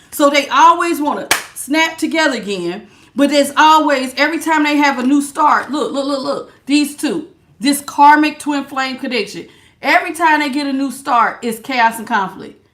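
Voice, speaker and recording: Loud, blunt woman tarot reader; high, carrying voice, sassy, laughs often, close on a good mic. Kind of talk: live tarot reading, chatting with viewers. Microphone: good studio mic.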